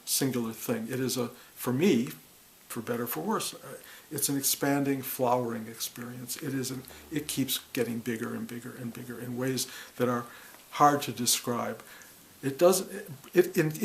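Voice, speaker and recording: A middle-aged man teaching about awakening in a musing, reflective way, repeating words and breaking into animated bursts. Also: mid-range voice, low-quality recording. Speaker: spiritual teacher. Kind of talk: reflective spiritual talk.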